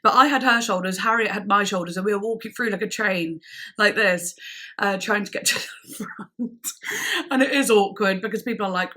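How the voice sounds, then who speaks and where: Young woman vlogger, bright voice, casual and giggly storyteller. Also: medium pitch, a little fast. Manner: chatty, giggly, lots of fillers and quoted dialogue.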